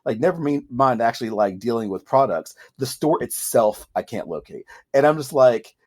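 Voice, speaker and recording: A man's voice: mid-range voice, animated, normal speed, darkish tone. Exasperated man ranting in casual chat. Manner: exasperated ranting, voice jumping up when frustrated; swears freely, self-interrupting. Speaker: podcast co-host.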